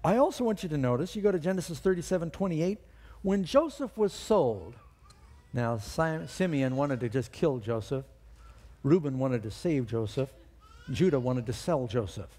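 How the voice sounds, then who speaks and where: A man's voice: fairly high pitch, expressive, normal speed, warm tone. A man preaching a sermon, retelling scripture and a personal story, reading verses aloud with rising emphasis.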